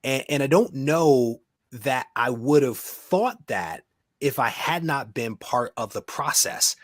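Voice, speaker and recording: A man hosting a relaxed interview over a video call, his pitch swinging widely as he talks. The sound is dry and close, and he repeats words and laughs a lot between questions. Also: no echo. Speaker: podcast host. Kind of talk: casual interview chat.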